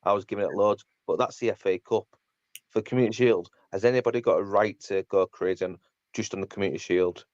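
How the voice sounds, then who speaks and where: A man's voice: fairly low pitch, quick pace, darkish tone, dry recording, lo-fi sound. A man hosting a casual football podcast, blunt and mocking as he rants. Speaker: podcast host.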